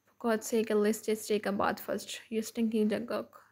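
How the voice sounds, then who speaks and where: A woman reads aloud as a blunt, teasing young man ribbing his best friend. Her voice is husky and dark, with a gravelly edge. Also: a little high, little pitch movement, moderate pace.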